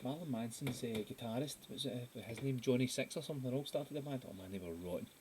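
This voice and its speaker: A man's voice: medium pitch, fast talker. A Scottish man hosting a casual live drawing stream, chatty and giggly, hopping from topic to topic. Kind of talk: casual chat while drawing. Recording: faint hiss.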